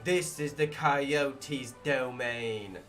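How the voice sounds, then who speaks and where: A man voicing a solemn male nature documentary narrator, in slow, drawn-out delivery. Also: mid-range voice, a bit bright, soft background music.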